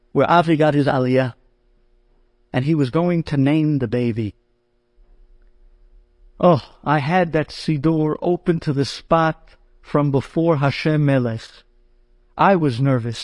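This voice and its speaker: High-pitched guy, a rabbi telling a funny story, does all the voices, dry close sound. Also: no room sound. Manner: animated, acts out the voices of the people in his story. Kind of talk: humorous anecdote told to an audience.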